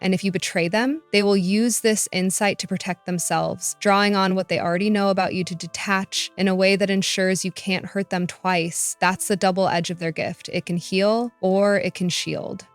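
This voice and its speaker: A woman reading a scripted voice-over narration in a calm, measured way. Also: medium pitch, faint music behind.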